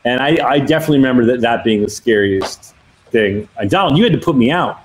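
A man's voice: medium pitch, fast, slight background noise, poor audio. A man co-hosting a live podcast, chatting casually and laughing often. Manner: animated, laughing, swearing freely. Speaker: podcast co-host.

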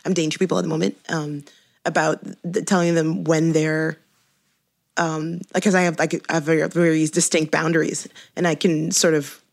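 A woman's voice: low-pitched, little pitch movement, normal speed, creaky. A woman guest on a podcast, chatting casually and telling a long story with many restarts and stammers. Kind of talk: casual chat.

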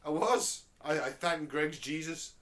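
A man's voice: a little high, measured pace, a bit bright. A man co-hosting a casual podcast, swearing freely and throwing in dry quips. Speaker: podcast co-host. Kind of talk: casual banter.

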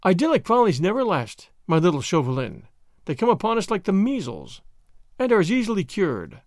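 A man's voice: high voice, wildly swooping pitch, fairly quick, dry recording, clean studio sound. A man reading an audiobook, voicing a witty, bored young French noblewoman with a merry, teasing manner. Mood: arch, merry. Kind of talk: audiobook character voice.

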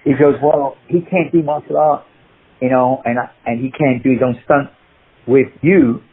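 An older man from the UK, a martial artist and actor, telling animated anecdotes in an interview, acting out the people he quotes and laughing at his own stories. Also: medium pitch, moderate pace. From United Kingdom. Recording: husky voice over a tinny phone-like line.

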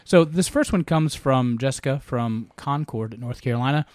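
A man's voice: mid-range voice, normal speed, a little mellow, dry recording, clean studio sound. A man with a Southern American accent, co-hosting a podcast in an easygoing, jokey way. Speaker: podcast co-host. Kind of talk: casual chat.

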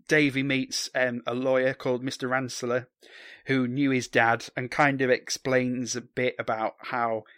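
A man's voice: medium pitch, fairly bright tone, no room sound, studio quality. A man casually recapping a film on a podcast, joking and swearing with many ums. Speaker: podcast co-host.

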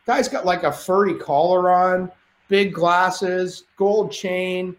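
A man's voice: high voice, slow. Rowdy storytelling man, roomy echo. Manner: lively, profane, rambling anecdotes. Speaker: podcast guest. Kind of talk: animated storytelling. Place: cottage.

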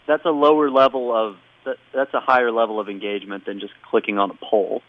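A man's voice: medium pitch, fairly even intonation, quick pace, dry recording. A man hosting a podcast, retelling a story in casual chat with frequent laughs, on a dull, dry recording. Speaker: podcast host.

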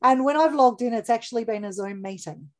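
A woman's voice: a little high, fairly quick. Upbeat woman. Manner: chatty and upbeat, laughs easily. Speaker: podcast co-host. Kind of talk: casual podcast chat giving business tips.

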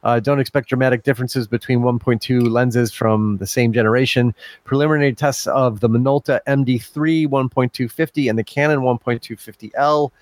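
A man's voice: mid-range voice, fairly even intonation, fairly quick, dry recording. Man, podcast co-host, chatty, reads comments aloud, dry close sound. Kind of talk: casual podcast chat, reading listener comments.

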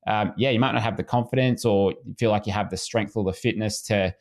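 A man's voice: fairly low pitch, brisk. A man, a swimming coach speaking as a podcast guest in an easygoing, casual way. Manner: relaxed, easygoing, frequent restarts.

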